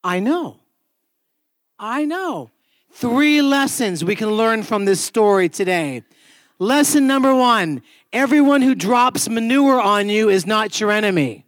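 A man preaching a sermon in church, telling a story with humor and sudden jumps in pitch and volume. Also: lively intonation, a little slow, a bit bright, no room sound, clean studio sound.

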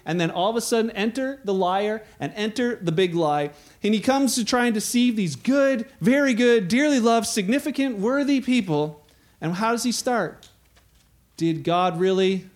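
A pastor giving a conversational sermon, acting out the scripture he quotes with playful asides. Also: high-pitched.

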